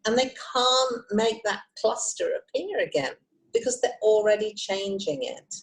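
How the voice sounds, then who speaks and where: A woman hypnotist and trainer teaching self-help techniques on a video call, expressive and encouraging. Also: mid-range voice, a little slow, low-quality recording. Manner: lively, expressive, encouraging, with frequent asides. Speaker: hypnotist and emotional intelligence trainer.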